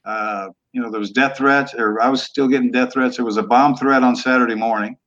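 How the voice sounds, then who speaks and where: A man in his sixties, a former quarterback, telling stories in a relaxed, rambling way with some rough language. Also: mid-range voice, a little fast, highs cut off. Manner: laid-back, trailing off, rough language. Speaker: guest, former football quarterback. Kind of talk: casual storytelling interview.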